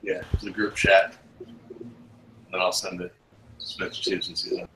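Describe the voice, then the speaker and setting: A man narrating as game master in a tabletop game, halting and full of ums. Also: sits low, completely flat delivery, fairly bright tone, slight background noise. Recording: roomy echo.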